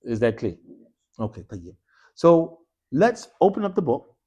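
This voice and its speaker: A man's voice: medium pitch, sing-song, moderate pace, darkish tone, breathy edge, highs cut off. A man teaching an Arabic class. He drills students call-and-response style, mixing English with short Arabic phrases and quizzing the class with repeated "what?" prompts. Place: mosque classroom.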